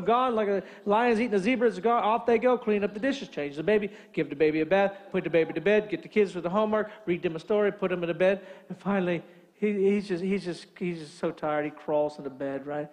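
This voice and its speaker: A male pastor telling a humorous story in a sermon, reeling off rapid lists of chores and often checking in with "right?". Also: high-pitched. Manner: animated joke-telling, rapid-fire lists, frequent "right?".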